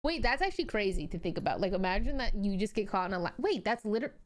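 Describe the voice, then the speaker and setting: A woman's voice: mid-range voice, fast. A young woman streaming, reading a story aloud and reacting to it in disbelief, swearing and laughing as she goes. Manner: animated and incredulous, swearing freely, laughing often. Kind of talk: casual live-stream reaction.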